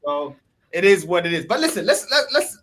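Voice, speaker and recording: A man hosting a casual football fan panel, with a voice that sits a touch high. He talks in a relaxed, slangy way and greets each guest warmly by name. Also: a little fast. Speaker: podcast host.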